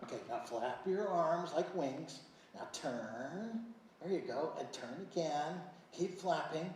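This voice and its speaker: A woman plays a gentle, kindly old Santa figure on stage in a community play, with a low voice for her and a patient, coaxing manner. The sound is roomy and distant, caught from far back in an echoing hall with a faint hiss. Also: lively intonation, slow. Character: gentle kindly old man, Kris Kringle. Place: stage in an arts center. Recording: echoey hall picked up from far off.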